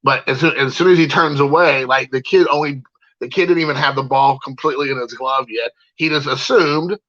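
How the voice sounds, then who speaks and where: A man talks through a personal story in a loose, casual monologue, stopping often for "uh" and restarting his sentences. His voice has a bright, forward edge, and the sound is dry and a little dull. He stays at an ordinary pitch for a man. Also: dry recording. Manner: rambling, many fillers and restarts. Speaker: parent telling a personal story.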